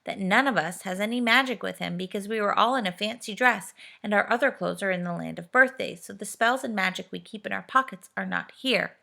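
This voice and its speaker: A woman reading aloud, giving a thoughtful old bearded man slow, explaining lines in a voice close to her own. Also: medium pitch, gravelly, bright, forceful tone.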